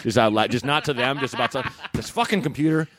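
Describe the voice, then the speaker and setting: A man's voice: medium pitch, expressive, quick pace, crowd noise. A man co-hosting a casual comedy podcast in a studio room, goofy and crude as he builds bits. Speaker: podcast co-host.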